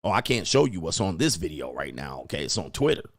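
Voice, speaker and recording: A man hosting a livestream, reacting in casual commentary with drawn-out exclamations and chuckles. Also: low voice, sing-song, vocal fry, no echo, studio quality. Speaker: livestream host.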